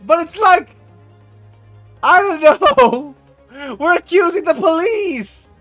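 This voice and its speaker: A man commentating on a game during a live stream, excitable and swearing freely. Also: very high voice, takes it slowly, faint music behind. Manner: excitable and profane. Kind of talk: casual live gameplay commentary.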